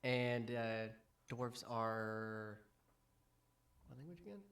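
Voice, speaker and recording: Slow, hesitant man narrating as game master. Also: mid-range voice, a bit bright. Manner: hesitant, many ums and restarts.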